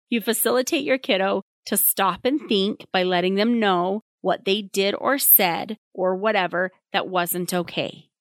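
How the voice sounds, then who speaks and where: A woman's voice: medium pitch, dry recording, studio quality. A woman child therapist talking casually to parents, chatty and acting out the lines she quotes. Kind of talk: casual advice monologue.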